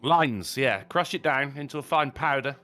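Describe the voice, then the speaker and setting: A man's voice: mid-range voice, normal speed, bright, forceful tone, faint music behind. A man telling swearing pub stories on a casual stream. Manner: swearing anecdote-teller who acts out other people. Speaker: co-host. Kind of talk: casual podcast banter.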